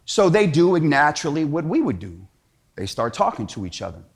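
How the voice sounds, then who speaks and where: Lively, animated man telling a story. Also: fairly high pitch, moderate pace. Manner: slangy, storytelling, acts out quotes. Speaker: Catholic speaker. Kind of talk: animated inspirational talk.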